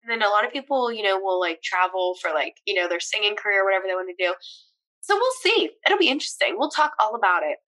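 Bright-voiced young woman chatting casually. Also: medium pitch, animated, fast talker. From Pennsylvania. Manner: chatty, filler-heavy with "like", casual swearing. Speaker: podcast co-host. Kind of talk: casual chat.

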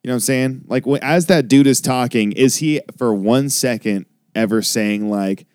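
A man's voice: medium pitch, moderate pace, a little mellow, clear, resonant tone, no echo, studio quality. A man in casual podcast chat, asking wry, probing questions.

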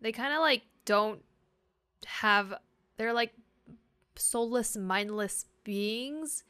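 A woman's voice: fairly high pitch, drawn-out words, bright, forceful tone, smooth. A woman co-hosting a podcast, chatting casually and animatedly, laughing easily. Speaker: podcast co-host.

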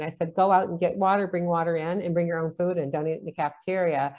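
A woman's voice: on the low side, steady tone, quick pace, few pauses. A woman in casual conversation, chatty, telling stories and acting out the dialogue in them. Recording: dull lo-fi sound.

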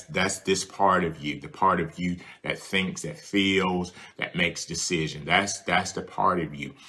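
A man delivers a sermon in a low voice with a bright, forceful edge. He is earnest and circles back over his points, speaking straight to the listener. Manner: earnest and repetitive, addressing the listener directly. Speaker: preacher. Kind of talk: sermon with prayer ministry.

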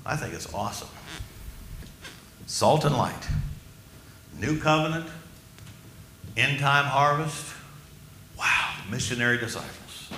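A man preaching a sermon as pastor, emphatic and slowing down for key phrases while asking the congregation questions. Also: mid-range voice, expressive, reverberant, noisy background.

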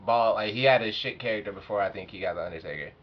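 A man co-hosting a casual podcast, laid-back and slangy in his delivery. His voice is low and husky. The sound is dull and lo-fi. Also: very fast. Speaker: podcast co-host.

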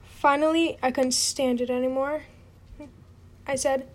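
A woman's voice: high-pitched, steady tone, moderate pace. A woman reading a novel aloud at home in an unpolished, amateur style and apologizing for her slips. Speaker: reader.

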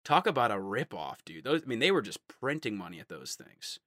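A man's voice: a little fast, no room sound, studio quality. A man co-hosting a podcast, telling stories in a loose, casual chat and acting out the people he quotes. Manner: animated storytelling, acting out quotes in high voices. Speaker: podcast co-host.

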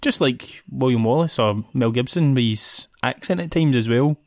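Her voice is very deep and somewhat dark, at a moderate pace, recorded cleanly in a studio without room sound. This Scottish-accented podcast co-host chats through a film's plot in a casual recap, giggling as she goes.

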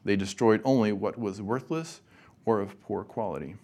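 A man's voice: lowish voice, moderate pace, dark tone. A man delivers a chapel sermon at a college. He keeps it casual and conversational, joking with his listeners between readings. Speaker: guest chapel speaker.

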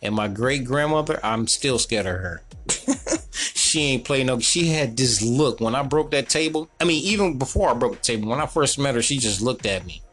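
A man telling a childhood story in a casual, animated way, laughing often and talking in loose slang. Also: mid-range voice, moderate pace. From North Carolina, US. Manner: animated, laughing, slangy, repeats "you know what I'm saying".

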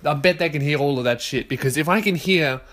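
A man in his twenties with an Australian accent, hosting a casual solo podcast from his bedroom, swearing freely and ranting in loud bursts. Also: a little high, quick pace. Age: 20s. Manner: profane, ranting, loud outbursts. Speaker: podcast host.

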